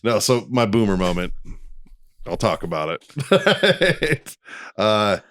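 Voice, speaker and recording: Profane, animated man telling stories. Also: on the low side, takes it slowly. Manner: profane, animated storyteller, acts out quotes. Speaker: podcast co-host. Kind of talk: casual chat, storytelling.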